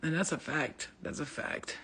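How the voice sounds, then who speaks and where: A woman with a low-pitched, gravelly, husky voice and a fairly bright tone speaks at a moderate pace. She hosts a casual livestream as a spiritual healer, answering viewers bluntly and profanely and laughing often.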